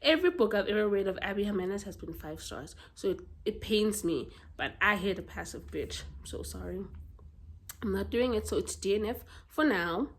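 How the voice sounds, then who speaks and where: A South African woman with a South African accent, chatting casually about books she has read in a blunt, expressive way and swearing freely. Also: mid-range voice, slight background noise. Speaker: book vlogger. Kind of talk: casual book review chat.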